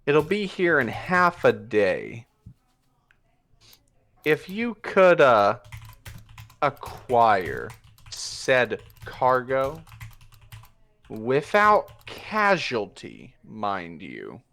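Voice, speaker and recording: A man voicing a secretive masked male criminal contact who speaks in a measured, deliberate way. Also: medium pitch, wildly swooping pitch, fairly bright tone, exaggerated voice. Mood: guarded.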